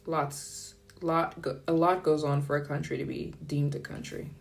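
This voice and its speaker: A woman chatting casually on a live stream, upbeat and playful with quick asides. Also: sits low, steady tone, gravelly. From United States. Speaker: travel vlogger. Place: France.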